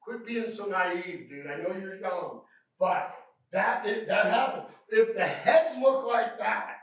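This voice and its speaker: A man with a Southern American accent running a lively training session, joking and quizzing his audience. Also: sits high, slow pace. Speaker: refrigeration trainer. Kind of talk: lively live training talk. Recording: echoey room, mic at a distance.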